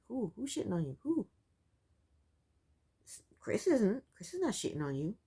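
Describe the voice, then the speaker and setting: A woman's voice: medium pitch, sing-song, moderate pace, long pauses, warm tone, husky. A woman recapping a reality TV show in casual commentary, sassy and exasperated, firing off rhetorical questions.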